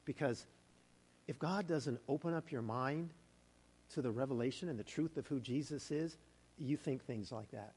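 A male pastor giving a sermon, shifting from scripture readings into a lively conversational story. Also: mid-range voice, moderate pace, breathy edge. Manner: conversational storytelling, animated retellings. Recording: hall reverb.

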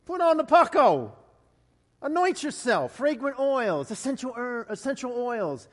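A sassy older woman, as a preacher puts her on, barks teasing orders to a young woman in a high, lifted voice. The sound carries a long hall reverb. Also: sing-song, a bit bright, exaggerated voice. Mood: bossy teasing. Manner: bossy, teasing, rapid-fire orders.

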